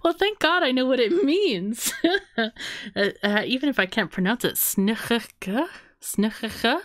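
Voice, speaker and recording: A woman's voice: high-pitched, big pitch swings, moderate pace, fairly bright tone, no echo, clean studio sound. A woman co-hosting a podcast in casual chat, laughing often as she talks. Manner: laughs often, giggly and chatty. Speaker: podcast co-host.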